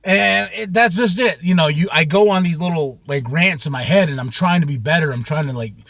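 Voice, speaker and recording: A man telling a rambling story to camera in a casual, profane way, with sudden shouts and many repeats. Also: a little high, fairly quick, gravelly, dry recording. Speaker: vlogger.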